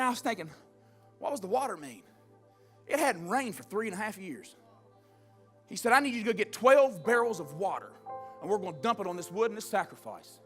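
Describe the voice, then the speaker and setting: A man preaching a sermon, telling stories with fervor and building up to shouts. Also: high-pitched. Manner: fervent storytelling preacher, swells to shouting.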